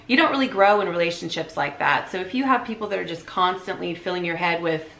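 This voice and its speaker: Woman guest talking earnest advice, gravelly edge, bright tone, echoey room. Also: lowish voice, fast. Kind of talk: casual chat.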